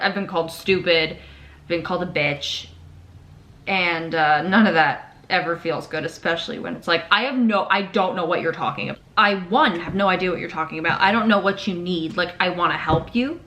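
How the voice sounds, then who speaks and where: A woman's voice: fairly low pitch, normal speed. Candid young woman vlogger, casual swearing. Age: 20s. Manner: candid, animated, swears freely, acts out quotes. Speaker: patient navigator. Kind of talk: casual confessional chat.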